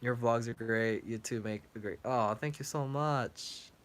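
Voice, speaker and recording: A man's voice: medium pitch, unhurried. A young man, a travel vlogger, chatting casually on a livestream, answering viewer questions with lots of fillers, and his voice is getting worn out. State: losing his voice, clearing throat. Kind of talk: casual live-stream chat.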